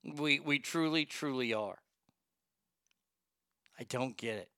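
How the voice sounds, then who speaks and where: Loud profane man with a bright voice. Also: mid-range voice, takes it slowly, clean tone, dry recording, clean studio sound. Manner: loud, profane, excitable, laughs at own jokes. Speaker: show host. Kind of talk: crude comedic talk show rant.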